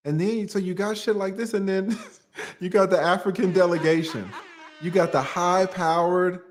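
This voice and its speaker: A man's voice: high-pitched, steady tone, moderate pace. A man hosting a livestream, joking and laughing often as he reads viewer super chats aloud in casual chat.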